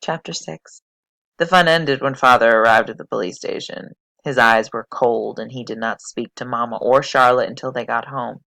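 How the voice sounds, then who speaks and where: A teacher reading a novel aloud for a fifth-grade class, steady and expressive. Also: medium pitch, moderate pace, vocal fry, no echo.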